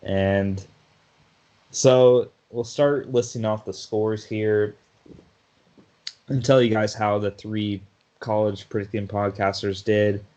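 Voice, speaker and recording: A man's voice: lowish voice, fairly even intonation, slow, pauses often, dark tone, dull audio. A man co-hosting a sports podcast in casual chat, talkative, often laughing and restarting his sentences. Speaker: podcast co-host.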